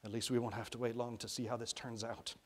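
A man's voice: mid-range voice, quick pace, slightly rough, close to an everyday voice. A man voicing a resigned, weary man who speaks over an intercom. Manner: resigned, flat, sighing.

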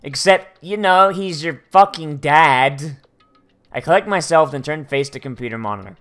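A woman's voice: sits low, animated, moderate pace, a bit bright. A young woman hosting a let's play, rambling and sarcastic with heavy swearing as she reads the game's text aloud. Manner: crude, heavily profane, sarcastic, rambling. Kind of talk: gameplay commentary reading game text aloud. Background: faint game music.

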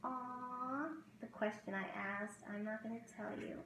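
A woman's voice: medium pitch, flat delivery, fairly quick, echoey room, slight background noise, low-quality recording. A woman vlogging about tarot in casual chat to camera, emotional and rambling, with many fillers and restarts.

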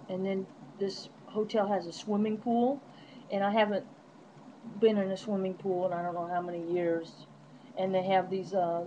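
A woman's voice: mid-range voice, warm tone, a little hiss or hum. Chatty woman on a muffled webcam. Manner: chatty and rambling, laughs often. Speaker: vlogger. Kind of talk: casual webcam diary. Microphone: netbook webcam microphone.

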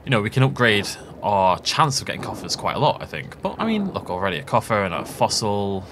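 Chatty gaming host with a lively voice. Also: male voice, on the low side, a little fast, noisy background. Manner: chatty, jokey, rambling asides, laughs often. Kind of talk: casual let's play commentary. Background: game music.

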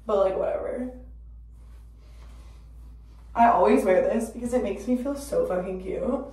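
A woman in her twenties chatting casually to camera, rambling with lots of fillers, swearing freely, and breaking into sudden loud bursts. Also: a little high, measured pace. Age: 20s. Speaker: vlogger. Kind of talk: casual chat. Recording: roomy, distant from the mic.

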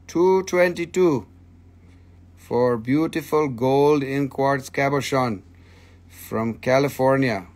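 A man's voice: mid-range voice, slow pace, long pauses, a little mellow. A man hosting a live-stream sale, playful and joking, bantering with viewers and himself into a phone. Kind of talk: live-stream sales pitch.

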